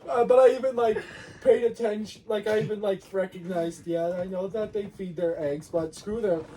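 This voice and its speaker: Young male co-host, high and bouncy voice, playful and jokey, audible background noise. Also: moderate pace. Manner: playful, laughs a lot, jokey outbursts. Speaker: podcast co-host. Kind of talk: casual chat.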